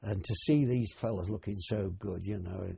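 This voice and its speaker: An older man recalls his war years in a slow, plain way, his low voice dark and gravelly. It sounds deeply husky, caught on a dull, dry archive recording. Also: dry recording. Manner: plain, unhurried storytelling. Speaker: war veteran interviewee. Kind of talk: oral history reminiscence.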